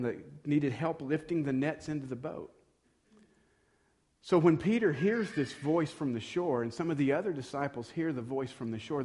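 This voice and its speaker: A man preaching a sermon, retelling a story with animated drama and conversational asides. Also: a little high, slight background noise.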